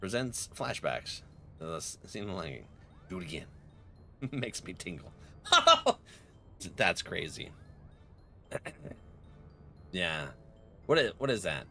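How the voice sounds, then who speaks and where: A young man casually chatting on a live game stream into a close microphone, excitable and jokey, laughing often and reading chat aloud. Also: low-pitched, takes it slowly, pauses often. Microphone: close desk microphone.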